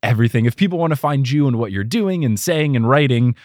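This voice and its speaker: A jokey man hosting a podcast, his voice lively and bouncing around in pitch, recorded close and dry. He rambles along casually and laughs a lot. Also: fast, no echo. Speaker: podcast host and editor.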